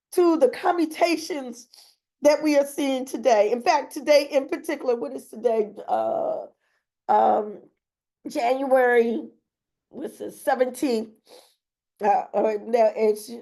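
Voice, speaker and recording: A woman's voice: on the high side, slow, gravelly, dark tone. A woman reading aloud from her own memoir in an earnest, emotional way, breaking off now and then to add personal comments. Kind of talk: reading aloud with spontaneous asides.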